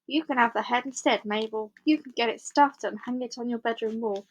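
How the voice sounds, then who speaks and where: A woman's voice: fairly high pitch, a little fast, natural voice, rough recording. A bossy, impatient farmer's wife, as a woman reading aloud puts her on, snapping orders at her servant in a raised voice. It is a storybook voice, read close to the microphone. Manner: impatient, commanding.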